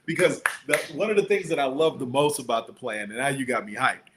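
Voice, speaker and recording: In a casual interview against a noisy background, a middle-aged entrepreneur guest tells stories at a fairly quick clip. He's animated and acts out the people he quotes, jumping sharply in pitch.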